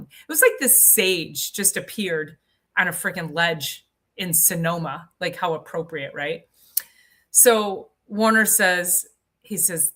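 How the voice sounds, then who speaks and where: Woman host, live health Q&A, bright forceful voice, chatty and enthusiastic. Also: medium pitch, lively intonation, unhurried. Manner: chatty, enthusiastic, many fillers. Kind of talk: live Q&A and personal storytelling.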